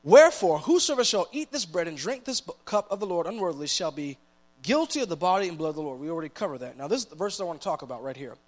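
A man's voice: fairly high pitch, lively intonation, fast talker. A man preaching a sermon, reading scripture aloud and then explaining it in plain, conversational talk.

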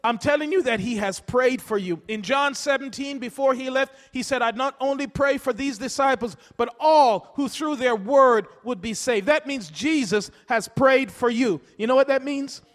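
A man preaching a rousing sermon in a church, repeating his points and building to loud, emphatic calls. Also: very high voice, normal speed, few pauses, long reverb tail. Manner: rousing, repetitive call-and-response preaching.

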